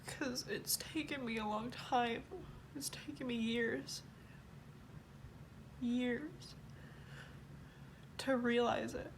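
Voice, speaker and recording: A woman talking in a personal confessional vlog, halting and emotional, trailing off mid-sentence. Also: fairly high pitch, steady tone, background noise. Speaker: vlogger.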